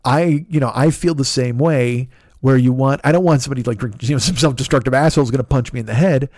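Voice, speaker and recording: A man in his fifties talks through a loose, rambling podcast monologue, peppered with swearing and self-deprecating asides. His voice sits at a middling pitch, and the close-miked sound is dry, with no room around it. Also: fast, darkish tone, dry recording. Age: 50s. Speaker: comedian podcast host. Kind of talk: casual monologue.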